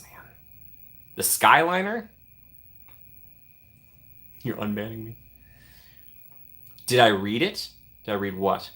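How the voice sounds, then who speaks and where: A man with a somewhat low voice and a bright, forceful edge hosts a relaxed live stream. He talks in an upbeat, chatty way and reacts to his viewers by name as their comments roll by. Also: slow pace, long pauses. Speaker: streamer host. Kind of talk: casual live-stream chat reading comments.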